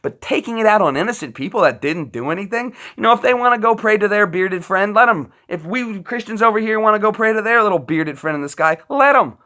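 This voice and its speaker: Fired-up male veteran on a livestream, sharp tense tone, profane, circles back and restarts. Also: sits high, expressive, fast, hardly any pauses. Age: adult military veteran. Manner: impassioned, profane, rambling with restarts. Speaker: livestream host. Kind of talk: ranting livestream monologue.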